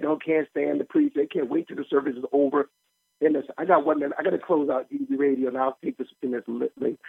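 A man preaching a radio sermon as pastor and host, animated and folksy, often laughing as he teaches. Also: a little high, vocal fry, breathy edge, no room sound. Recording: tinny phone-like line, dry.

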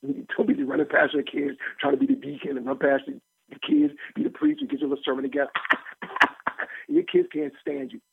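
A man preaching a radio sermon as pastor and host, animated and folksy, often laughing as he teaches. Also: a little high, a little fast, vocal fry, slightly rough. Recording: tinny phone-like line, dry.

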